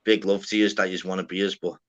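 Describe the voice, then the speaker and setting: A man's voice: sits low, level tone, fast, a bit bright. A Scouse man from Liverpool, around his forties, telling blunt, sweary stories in casual panel banter. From Liverpool, England. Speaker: panel guest. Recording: lo-fi sound.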